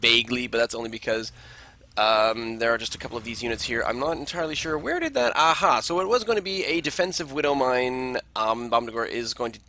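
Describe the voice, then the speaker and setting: A man's voice: mid-range voice, brisk, bright, forceful tone, a little hiss or hum. A man with a cold and congested sinuses, giving casual game replay commentary, rambling with joking asides.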